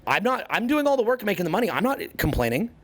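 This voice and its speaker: This is a man in his forties speaking to an audience with a slightly high-set voice. He coaches with fierce intensity, swears freely and hammers each point home through blunt repetition. His talk is motivational and unfiltered. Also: very animated, fast, fairly bright tone. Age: 40s. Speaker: social skills coach.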